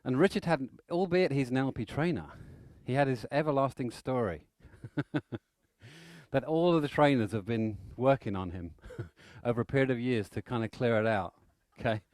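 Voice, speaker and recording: Lively storytelling man trainer. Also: mid-range voice, normal speed, dry recording, clean studio sound. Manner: animated, acts out stories with shouts and laughter. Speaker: NLP trainer. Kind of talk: live seminar storytelling.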